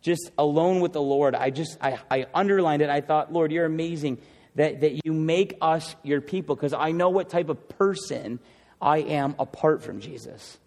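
High-voiced earnest male preacher in a hall. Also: moderate pace. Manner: earnest, pleading, swings from loud to hushed. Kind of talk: sermon.

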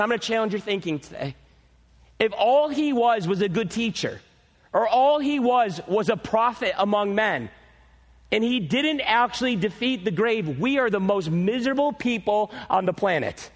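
High-voiced preacher man in a reverberant hall. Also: normal speed. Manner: animated storytelling preacher. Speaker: pastor. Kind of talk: sermon.

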